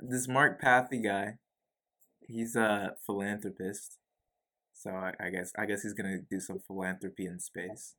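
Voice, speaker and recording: A man's voice: sits low, a bit bright. A young man co-hosting a podcast in casual, joking chat, often saying "bro". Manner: laid-back, joking, says "bro" often. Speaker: podcast co-host.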